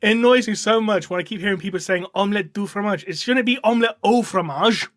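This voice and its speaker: A man's voice: high voice, fast talker, fairly bright tone. A man co-hosting a podcast, jokey and given to dramatic worrying. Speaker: podcast co-host. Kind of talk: casual chat.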